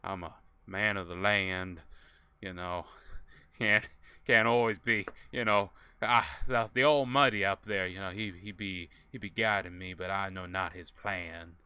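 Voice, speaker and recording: A man voicing a humble, folksy drive-thru worker in a slow, put-on drawl. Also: low-pitched, bright, forceful tone, clean tone, exaggerated voice.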